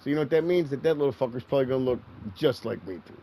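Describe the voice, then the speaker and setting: A man's voice: medium pitch, racing, dark tone, a little hiss or hum, poor audio. A middle-aged man streaming a game, telling a long profane story in a rambling way and repeating himself. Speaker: gaming streamer. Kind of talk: casual storytelling while gaming.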